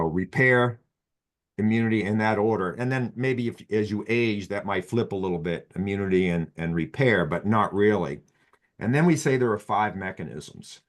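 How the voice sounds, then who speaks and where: A lower-pitched man with a Boston accent, talking through his ideas in a loose, rambling way. He restarts his sentences often and fills gaps with "you know", like a physician guest on a podcast. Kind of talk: casual podcast talk.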